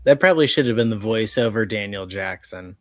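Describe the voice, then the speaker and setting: A man's voice: on the low side, lively intonation, a little fast, dry recording, clean studio sound. A man riffing jokes in a casual podcast chat. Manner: joking, riffing. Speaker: podcast co-host.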